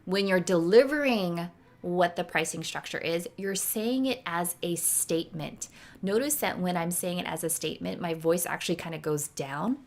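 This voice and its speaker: A woman chatting casually as a guest expert on a live stream, animated and playful, acting out little voices in her stories. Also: on the low side, moderate pace.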